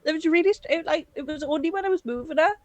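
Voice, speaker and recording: A woman playing a tabletop game, cheerful, laughing easily and tossing in quick asides. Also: sits high, darkish tone, dry recording. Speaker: player.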